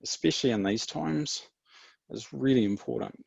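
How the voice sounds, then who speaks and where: A man's voice: medium pitch, moderate pace, gravelly, husky, no room sound, highs cut off. A man with a New Zealand accent gives a casual, chatty presentation to a meetup over a video call, with plenty of fillers and restarts. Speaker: meetup speaker.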